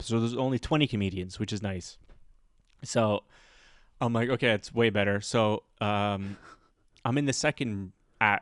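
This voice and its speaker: A man's voice: mid-range voice, no echo, clean studio sound. A man hosting a podcast, telling a story in casual chat and acting out the people in it. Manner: animated, acts out other people's voices. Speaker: podcast host.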